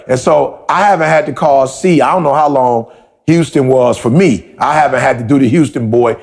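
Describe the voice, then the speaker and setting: A man's voice: mid-range voice, normal speed, gravelly, darkish tone. A man hosting a motivational conversation, telling stories with emphatic repeated questions. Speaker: podcast host.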